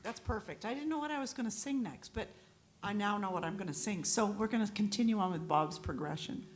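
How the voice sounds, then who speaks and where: A woman's voice: mid-range voice, brisk. A woman, a singer, telling a story between songs at a live event and acting out the voices of the people in it. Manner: lively anecdotal, acts out quoted voices.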